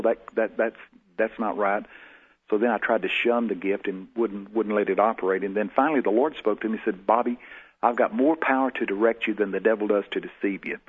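A man's voice: on the low side, husky. A man, a guest in an interview, telling personal stories in a folksy way and acting out the voices he quotes. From Texas. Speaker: guest prophet. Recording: tinny phone-like lo-fi sound.

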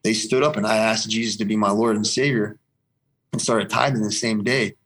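A man's voice: fairly low pitch, steady tone, normal speed, fairly bright tone. A man giving a personal faith testimony as an interview guest, earnest and rambling, repeating phrases for emphasis.

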